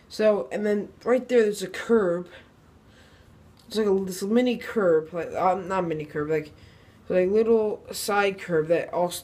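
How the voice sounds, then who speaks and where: A teenage boy from New Jersey telling a story in a casual vlog, rambling and excitable with lots of fillers and restarts. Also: sits high. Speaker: vlogger.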